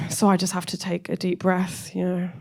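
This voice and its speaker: A woman's voice: fairly low pitch, completely flat delivery, normal speed, vocal fry, darkish tone. A young woman from Cornwall, doing a stand-up set full of chatty, self-deprecating asides. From Cornwall, England. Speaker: stand-up comedian.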